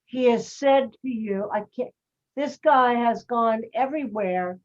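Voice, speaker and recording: A woman's voice: a little high, dull audio. A woman acting teacher giving direct, explanatory notes to her students over a video call. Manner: direct, explanatory, slow-paced.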